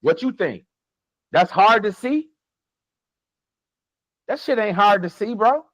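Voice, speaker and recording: A man's voice: high-pitched, animated, takes it slowly, fairly bright tone, no echo, low-quality recording. A man co-hosting a heated casual conversation, talking emphatically, swearing and laughing often. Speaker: podcast co-host.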